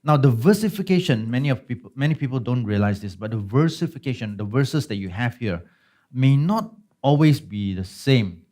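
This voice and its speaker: A man's voice: mid-range voice, animated, moderate pace, warm tone. A pastor teaching a Bible study class in a conversational way, often checking in with his listeners. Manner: conversational, checks in with listeners with frequent tag questions.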